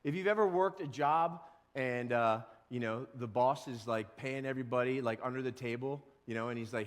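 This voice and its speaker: A male pastor giving a casual, animated sermon and now and then acting out grumbling workers. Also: mid-range voice, brisk, few pauses, in a large hall. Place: church sanctuary.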